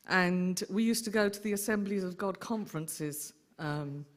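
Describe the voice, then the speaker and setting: A woman's voice: lowish voice, normal speed. Woman telling family stories. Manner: lively anecdotal storyteller. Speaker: aunt giving a memorial tribute. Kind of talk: eulogy storytelling.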